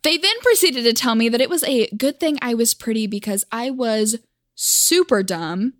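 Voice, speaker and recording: A woman's voice: fairly high pitch, animated, normal speed, no room sound, studio quality. A young woman from Oklahoma telling a personal story for a vlog in a wry, self-mocking, chatty way.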